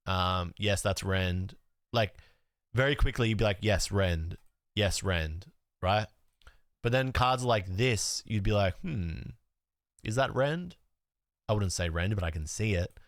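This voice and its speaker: A man's voice: lowish voice, a bit bright, no room sound, studio quality. A young man streaming from home, chatting casually with lots of fillers, swearing and rambling as he sorts his cards. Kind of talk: casual live-stream chat.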